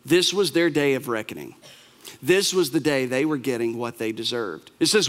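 A man's voice: medium pitch, normal speed. Impassioned male preacher in a reverberant hall. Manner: dramatic, impassioned storytelling. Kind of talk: sermon.

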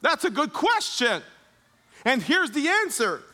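Slow, high-voiced preaching man. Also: sing-song, pushed and bright. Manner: emphatic, slow preaching with dramatic retold scenes. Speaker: pastor. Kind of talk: sermon.

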